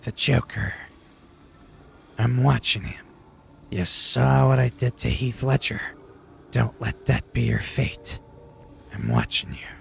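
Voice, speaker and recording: A man putting on a low, raspy superhero voice, playing a gruff, brooding, threatening caped hero in a goofy impression. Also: expressive, slow pace, pauses often, full character voice. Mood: menacing. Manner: menacing, mock-serious.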